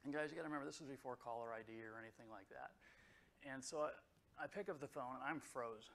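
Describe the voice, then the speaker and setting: A middle-aged man from the United States telling an emotional personal story at a conference, halting and full of fillers. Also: mid-range voice, creaky, fairly bright tone, rough recording. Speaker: conference speaker. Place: conference hall.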